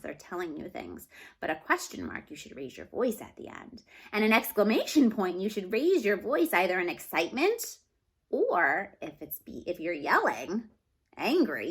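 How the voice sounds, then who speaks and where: A woman's voice: mid-range voice, slightly rough. A woman teacher giving a reading lesson to children, talking expressively and often checking in with "okay?".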